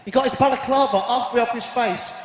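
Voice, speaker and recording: A man's voice: very high voice, a little fast. A man doing a stand-up routine, cheeky, bantering with the crowd and acting out the people in his jokes. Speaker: stand-up comedian. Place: live venue with audience, echoey hall. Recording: echoey hall from a distance.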